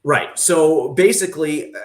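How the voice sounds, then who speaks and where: A male sports writer talking as a guest on a sports talk show, animated and opinionated, with many fillers. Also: fairly high pitch, a little slow, echoey room. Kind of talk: sports talk radio discussion.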